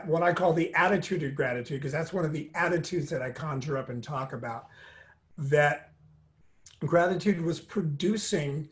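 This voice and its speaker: An earnest, motivational middle-aged man speaking as an interview guest. His voice sits fairly high for a man, and he moves between emphatic bursts and soft, lowered stretches as he tells his story.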